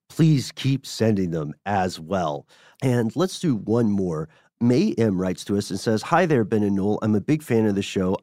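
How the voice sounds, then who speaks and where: A man's voice: on the low side, no echo, studio quality. A man co-hosting a podcast, casually reading listener letters aloud and chatting, from the US South. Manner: relaxed, reads letters aloud with chuckles. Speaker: podcast co-host.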